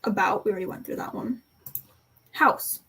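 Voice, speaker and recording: A woman's voice: mid-range voice, moderate pace, fairly bright tone, husky. A young woman co-hosting a reading livestream, chatting playfully and testing how she pronounces words. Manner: playful, testing her own pronunciation aloud. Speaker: booktube co-host. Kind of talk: casual chat on a reading livestream.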